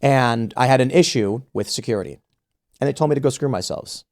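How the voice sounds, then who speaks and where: A man of average pitch hosting a podcast and telling a story in casual conversation. He acts out what others said to him and often restarts his sentences as he goes. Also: a little fast. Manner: animated storyteller acting out quoted exchanges, frequent restarts. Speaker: podcast host.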